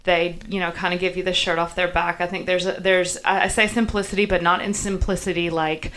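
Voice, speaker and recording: Young woman w/ faded southern us accent, bit low voice, chatty podcast guest, lots of ums n restarts. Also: flat delivery, brisk, fairly bright tone, a little hiss or hum. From Southern United States. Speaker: guest journalist. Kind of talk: podcast interview conversation.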